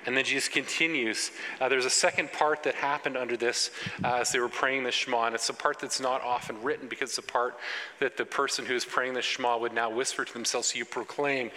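A man's voice: medium pitch, fairly even intonation, quick pace, bright, forceful tone. A man preaching a sermon to young people, earnest and explanatory, often repeating words and restarting his sentences. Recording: long echo, faint background noise.

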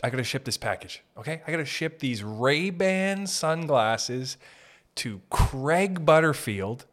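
Ranting Boston-accented podcast host. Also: male voice, a little high, lively intonation, measured pace, fairly bright tone. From Boston area. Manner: crude, ranting, lots of swearing and laughing asides. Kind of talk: unscripted profane comedic monologue.

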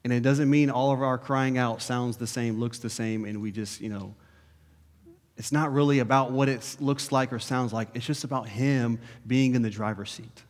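A man preaches with earnest conviction, his voice rising into pressing questions and easing down to quiet prayerful lines. His pitch sits in the middle range for a man. The sound carries the long reverb of a church sanctuary. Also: steady tone, normal speed. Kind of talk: sermon.

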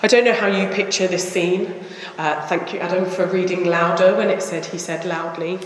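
A woman giving a sermon in a church, speaking in a slow, reflective and earnest way. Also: on the low side, fairly even intonation, a little hiss or hum. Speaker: preacher. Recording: echoey church hall.

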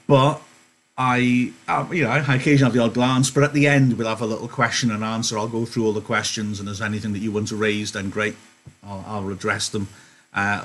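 Man, teacher, husky, chatty, joking, mid pitch. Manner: chatty, self-interrupting, joking. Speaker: English teacher. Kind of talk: online literature lesson, reading aloud.

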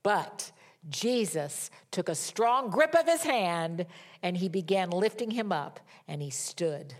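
A woman's voice: fairly low pitch, expressive, slow pace. Woman preaching a dramatic sermon. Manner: dramatic, rising to loud emphatic peaks, dropping to whispers. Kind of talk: sermon with scripture reading.

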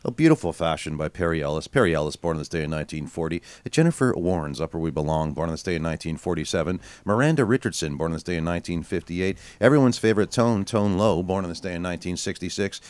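A low-pitched man hosts a casual radio show, speaking into a studio mic with a dry, close sound. He jokes with his co-hosts and reads out lists at an easy, unhurried pace. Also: clear, resonant tone, no room sound. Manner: easygoing, joking, reads birthdays in a relaxed list.

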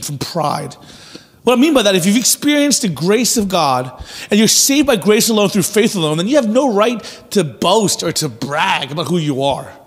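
A male pastor preaching a sermon in a conversational, animated way with acted-out asides, in a church sanctuary. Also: high voice, husky. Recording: long reverb of a large hall.

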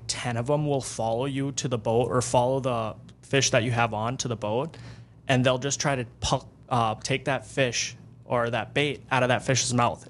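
Man, guest angler, excitable storyteller, casual interview, middle pitch. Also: a little hiss or hum. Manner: excitable, animated fishing storyteller.

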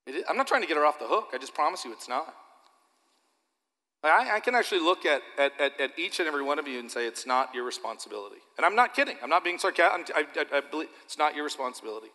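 A man preaching a sermon to his church, animated and repetitive, addressing the audience directly. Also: a little high, racing, in a large hall. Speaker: pastor.

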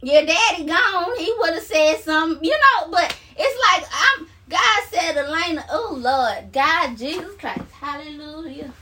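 This woman's pitch is extremely high with big swings, her pace measured with few pauses and her tone sharp. She's a self-described minister pacing while recording a fervent, repetitive testimony for viewers on a phone, full of exclamations and laughs, heard from a distance with a little hiss or hum.

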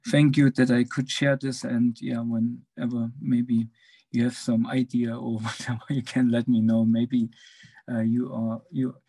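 Halting man with a gravelly voice. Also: medium pitch, flat delivery, warm tone. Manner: halting, searching for words, laughs between phrases. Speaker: devotee sharing a memory. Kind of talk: casual online satsang sharing. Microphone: video call.

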